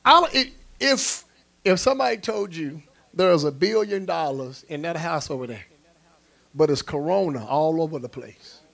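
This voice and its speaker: A man preaching a sermon, leading call-and-response and rising to shouts. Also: a little high, lively intonation, normal speed, vocal fry. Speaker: pastor. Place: church sanctuary.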